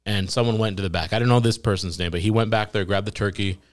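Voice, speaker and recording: Low-voiced man telling a funny story. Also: fast talker. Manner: animated storyteller quoting voices, laughing at his own story. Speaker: podcast guest. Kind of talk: casual storytelling.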